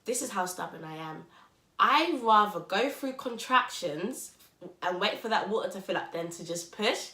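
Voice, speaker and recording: Young woman chatting, bright forceful voice, roomy echo, acts out every quote big. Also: medium pitch, moderate pace. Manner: animated, acts out quotes loudly and laughs. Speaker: podcast co-host. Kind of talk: casual storytelling chat.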